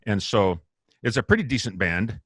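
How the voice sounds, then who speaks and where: A man being interviewed as a guest musician, telling stories in a lively, casual way, laughing often and acting out what people said. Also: lowish voice, normal speed, slightly rough, no echo, studio quality. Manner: animated, laughs often, acts out quotes. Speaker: guest bassist.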